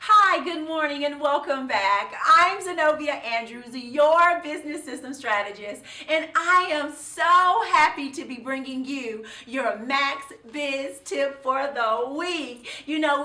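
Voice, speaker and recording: A woman's voice: high voice, bright, forceful tone, reverberant, recorded from a distance. A woman presenting a business tip segment in an enthusiastic way, repeating key words for emphasis.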